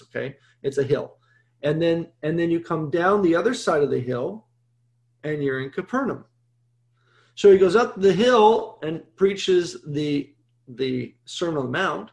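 A man, a priest, teaching a Bible passage in a sermon, chatty and often checking in with "okay?". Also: fairly high pitch. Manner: conversational, frequent "okay?" check-ins.

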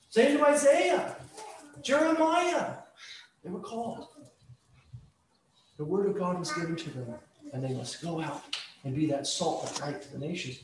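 A man's voice: sits high, expressive, unhurried, long pauses. A man preaching a conversational sermon, teaching with everyday examples and acted-out scenes. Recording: echoey room, distant mic, faint noise.

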